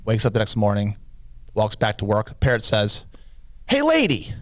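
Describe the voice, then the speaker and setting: A man co-hosting a podcast, telling a long joke in casual chat and pitching his voice up to play the characters. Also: normal speed, no echo. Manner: animated storyteller, pitches voice up for characters. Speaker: podcast co-host.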